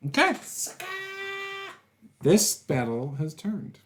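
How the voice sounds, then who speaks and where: A woman running a tabletop game as game master, calm and quick to laugh. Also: deep voice, slight background noise.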